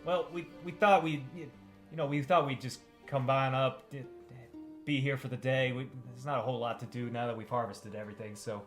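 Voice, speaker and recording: A man voicing a quiet, hesitant farmer father who stammers and keeps it short. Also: mid-range voice, steady tone, fairly quick, faint music behind, natural voice.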